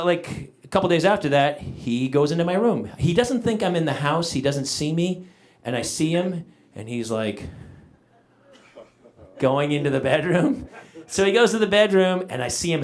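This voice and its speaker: A middle-aged male comedian telling an animated story on a live stage, shouting out the voices of himself and his dog. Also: sits high, moderate pace. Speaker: stand-up comedian. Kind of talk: stand-up comedy set. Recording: live stage recording with audience noise. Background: audience laughter.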